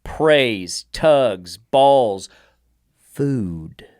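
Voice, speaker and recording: A man's voice: mid-range voice, expressive, extremely slow, a little mellow, no echo, clean studio sound. A man who trains dogs and hosts a podcast, talking bluntly and emphatically and sometimes swearing. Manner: blunt, emphatic, swears, acts out dogs' thoughts. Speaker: dog trainer and podcast host. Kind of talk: casual podcast chat.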